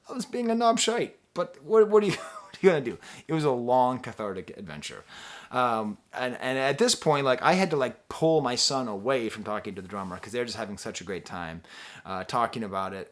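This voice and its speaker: A middle-aged man talks straight to camera as a music reviewer, telling a long story in a loose, rambling way. He keeps mocking himself and restarting his sentences, and his voice sits at an ordinary middle pitch. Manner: rambling, self-deprecating, animated with many restarts. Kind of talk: casual vlog storytelling.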